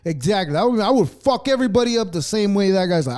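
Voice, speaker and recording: A male podcast host with a high voice talks in loose, profane, sarcastic rants. His pitch jumps all over as he reacts. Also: fast. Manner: profane, sarcastic, animated ranting. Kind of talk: casual ranting commentary.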